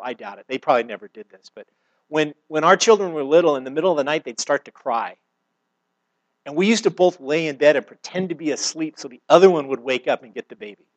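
A man's voice: on the high side, dry recording. A middle-aged man preaching a sermon in an earnest, conversational way, with everyday examples and frequent restarts. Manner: repeats words when restarting. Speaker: pastor.

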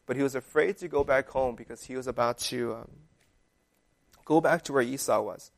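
Casual young man preaching, gravelly voice. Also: medium pitch, moderate pace. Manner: conversational, full of fillers like "like" and "um". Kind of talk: casual sermon.

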